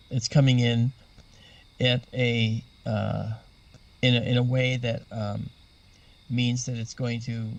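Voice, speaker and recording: A man's voice: mid-range voice, creaky, darkish tone, distant mic. A man patiently explaining astronomy as a guest in an interview, spelling out terms as he goes.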